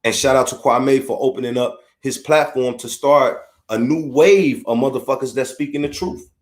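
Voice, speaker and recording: A middle-aged Chicago man hosts a podcast and delivers an unfiltered rant in his Chicago accent. He's profane, blunt, heated and repetitive, speaking in a mid-range voice at a moderate pace in an echoey room.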